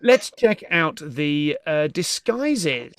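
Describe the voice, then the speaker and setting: Animated, giggly British male podcast host. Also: fairly high pitch, very slow, slight background noise. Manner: chatty, giggly, swearing, greets viewers. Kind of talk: live-streamed comedy chat.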